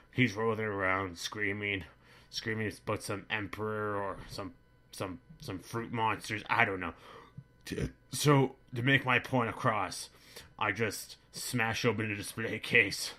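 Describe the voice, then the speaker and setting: A boorish, bigoted middle-aged dad, played by a man rambles crudely through a comedic monologue. His voice sits a little low but rings bright and forceful. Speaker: comedy vlogger in character.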